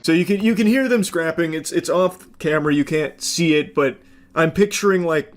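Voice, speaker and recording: A man's voice: fairly high pitch, moderate pace. Rambling young streamer man, casual swearing. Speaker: streamer reacting to a clip. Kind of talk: casual reaction commentary.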